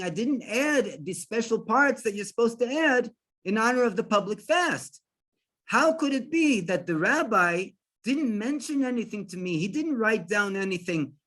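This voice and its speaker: A man's voice: fairly high pitch, very animated, measured pace, fairly bright tone, full character voice. A man voicing an anxious, pious village farmer who exclaims in panicked disbelief. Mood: alarmed.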